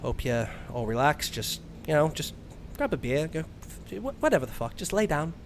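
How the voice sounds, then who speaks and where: A man putting on a drowsy, rambling sleep-story narrator, mumbling low. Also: sing-song, normal speed, a little hiss or hum. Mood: sleepy.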